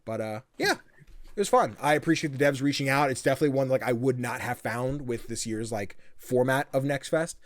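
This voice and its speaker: A man co-hosting a podcast, chatting casually in a rambling way with many fillers and quick acted-out bits of dialogue. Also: medium pitch, dry recording. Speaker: podcast co-host. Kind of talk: casual chat.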